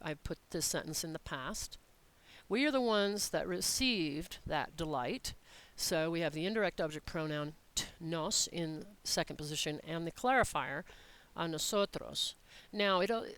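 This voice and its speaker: A Spanish teacher explaining grammar step by step in a recorded lesson, patient and methodical, reading example sentences slowly and clearly. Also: mid-range voice, a bit bright, poor audio.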